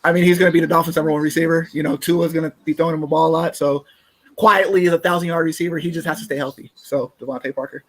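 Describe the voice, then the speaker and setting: A man co-hosting a casual sports podcast, relaxed and chatty, sometimes tripping over his words. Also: a little high, rapid-fire. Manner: relaxed, chatty, laughs easily, stumbles on words. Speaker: podcast co-host. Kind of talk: casual sports talk, mock draft.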